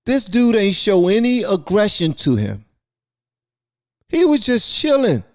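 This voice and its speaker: A man's voice: high voice, measured pace. A man hosting a reaction video, talking casually and in disbelief about a clip. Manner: incredulous, animated.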